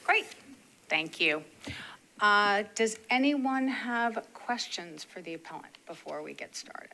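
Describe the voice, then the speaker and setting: Bright-toned woman chairing a hearing. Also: mid-range voice, animated, slow pace, gravelly, a little hiss or hum. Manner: pointed, exasperated. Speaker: board chair. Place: public meeting room.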